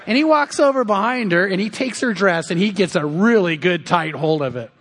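In a church sanctuary with the long reverb of the hall, a male pastor animatedly tells a story during his sermon, acting out the characters' lines. His voice is very high-pitched, husky and fairly bright, with vocal fry.

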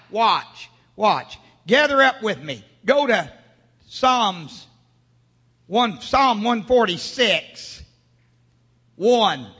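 Brief: male preacher, high animated voice, husky, recorded in a church hall with a long echo. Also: slow. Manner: call-and-response preaching, rising to shouts. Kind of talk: sermon. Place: church sanctuary.

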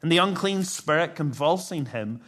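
A man's voice: fairly high pitch, expressive, moderate pace, a bit bright. A man pastor preaching a sermon in an earnest, emphatic way, with frequent restarts.

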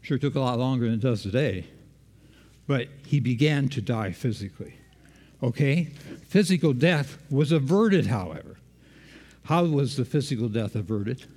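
A man's voice: medium pitch, lively intonation, normal speed, a little mellow, in a large hall. A man preaching a sermon, engaging the congregation with questions.

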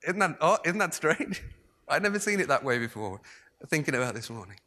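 A man preaching a sermon, moving between raised emphasis and hushed, almost whispered passages. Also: on the high side, very animated, brisk.

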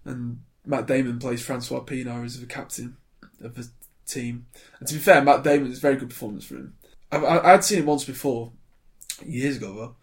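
A man's voice: mid-range voice, a little fast. Blunt man in his twenties. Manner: blunt, wry, animated when ranting. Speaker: podcast co-host reviewing films. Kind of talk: casual chat.

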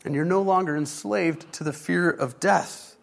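A man's voice: a little high, moderate pace, creaky. A man preaching a sermon, speaking directly to his church and rising in intensity. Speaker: pastor.

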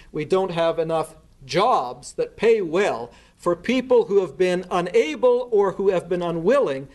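A man speaks in a noticeably high voice for his sex. He tells a story earnestly in a spoken talk. He lays out events in order and often restarts his words mid-phrase. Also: darkish tone. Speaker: speaker recounting a case.

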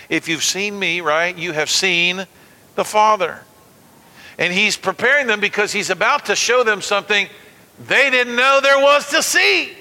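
Male pastor, high ringing bright voice, lively sermon, call-and-response with congregation, long hall reverb. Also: moderate pace. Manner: animated, calls out to the congregation. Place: church sanctuary.

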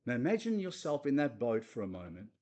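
An earnest man preaching in a conversational way, often turning to his listeners with direct questions. His voice sits at an everyday middle pitch. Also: huge pitch swings, fairly quick, darkish tone. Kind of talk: conversational sermon on a Bible passage.

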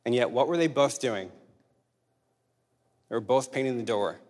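A man's voice: medium pitch, animated, moderate pace, darkish tone. A man preaching a sermon in a conversational way, asking rhetorical questions and telling humorous stories. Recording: long hall reverb.

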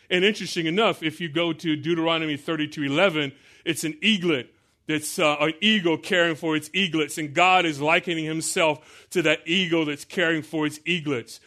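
A male pastor delivering a sermon with a somewhat high voice. He reads scripture and works through it verse by verse. His delivery swings from loud, urgent pleading to quiet, low-key explanation.

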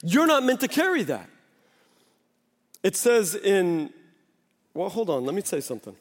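A man in his thirties preaching a sermon as a pastor, animated, often acting out the voices of people and of God. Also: high voice, unhurried. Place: church sanctuary. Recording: long hall reverb in a church.

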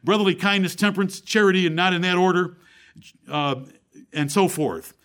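A man preaching a sermon to his congregation. He asks rhetorical questions, quotes scripture, and swings between fervent build-ups and low, quiet stretches. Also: normal speed. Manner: preaches with rising fervor, then drops to a low, quiet tone; rhetorical questions and Bible quotations.

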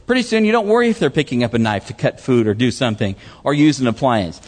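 A man preaches with a lively voice that rises and falls a great deal, asking the listeners questions and voicing the people in his stories. His voice carries a long reverb from the hall he speaks in. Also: mid-range voice, fast talker. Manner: animated preaching with questions to the audience, acts out voices. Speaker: pastor. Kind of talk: sermon.

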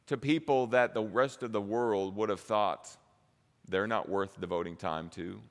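Guy preaching a sermon, builds up loud then drops low, mid pitch, big echoey hall. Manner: dynamic, swings from low and slow to loud and high. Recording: long reverb of a hall.

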